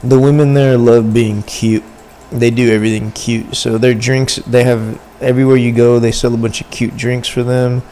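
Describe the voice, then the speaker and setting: A young man chats casually with his stream viewers, rambling along in slang. His mid-range voice is flat in delivery and dark in tone, moving at normal speed.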